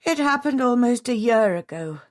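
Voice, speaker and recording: A distraught society widow, as a woman reads her part, her voice climbing high and strained. She pleads and frets in a dry, close storybook narration. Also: unhurried, gravelly, no room sound. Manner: pleading, teary, strained and rising.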